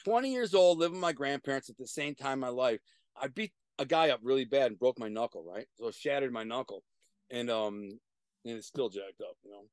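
A middle-aged man, a guest on a video-call interview, telling profane street stories in an animated way with sudden loud bursts. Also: mid-range voice, a little fast, clear, resonant tone, no echo. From Detroit, USA. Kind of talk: casual storytelling.

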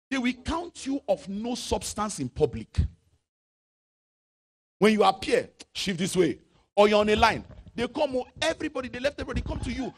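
Dramatic, high-pitched Nigerian-born preacher. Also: male voice, husky. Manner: preaching with dramatic swings from loud shouts to low asides; reads scripture aloud in a chanting, sung tone. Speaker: pastor. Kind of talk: sermon.

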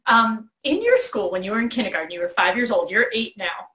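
A middle-aged woman hosting a talk, telling a lively story to a child in a bedroom. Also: medium pitch, fairly quick, echoey room. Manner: animated storyteller, acts out voices in quotes. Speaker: host. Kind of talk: warm storytelling to a child on video.

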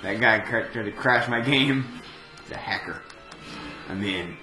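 A man's voice: on the low side, a little slow. A man giving casual, crude gameplay commentary, joking and swearing freely as he plays. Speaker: let's play gamer. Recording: roomy echo with faint game music.

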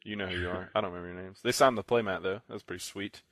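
A man's voice: deep voice, steady tone, racing, fairly bright tone, no echo. A young man co-hosting a podcast in casual chat, rambling through a story and acting out what other players said. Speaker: podcast co-host.

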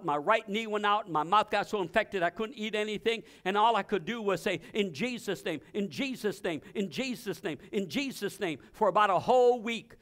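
A male pastor preaching with a very high voice, pressing his points hard and repeating phrases in quick bursts. He now and then breaks into shouted commands, and his tone stays sharp and bright. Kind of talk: sermon.

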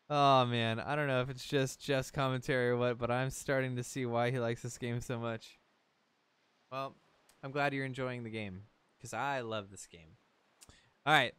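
A man's voice: mid-range voice, a bit bright, clear, resonant tone, dry recording. A young man streaming a game live, joking sarcastically and reacting to chat.

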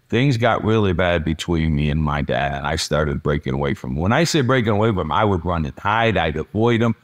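Guy on a podcast, kinda low voice, tells it blunt and dramatic. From Chicago, USA. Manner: blunt, dramatic retelling with rhetorical "okay?" asides. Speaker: podcast guest. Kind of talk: storytelling in a podcast interview.

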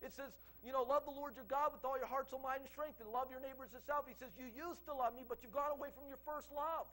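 A man's voice: very high voice, steady tone, quick pace, bright, forceful tone. A man preaching a revival sermon, fervent and repetitive, quoting scripture at length.

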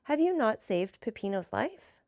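Storybook young gentleman, earnest and eager, gravelly hint, dry sound, read by a woman. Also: on the high side, big pitch swings, moderate pace, no room sound.

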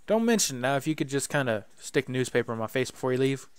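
A man's voice: mid-range voice, very animated, fast, few pauses, clear, resonant tone. A man casually commenting on a video game as he plays, joking and muttering to himself. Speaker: gaming YouTuber. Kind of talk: let's play commentary.

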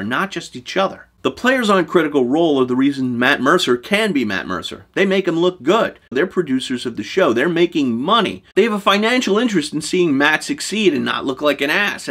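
Animated man teaching game mastering. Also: fairly high pitch, vocal fry, breathy edge. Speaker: show host giving game master advice. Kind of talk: scripted talk to camera.

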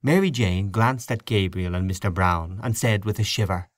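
A man narrating an audiobook in a measured storybook reading. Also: lowish voice, no room sound, clean studio sound. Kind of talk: scripted narration.

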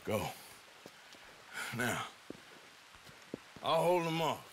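A man's voice: on the high side, sing-song, extremely slow, slight background noise, heavily acted. An actor playing a weary, dying outlaw who grimly tells his companion to go while he holds off the enemy. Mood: grim resolve. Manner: grim, resigned, terse. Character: weary dying outlaw man holding off enemies. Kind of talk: video game voice acting.

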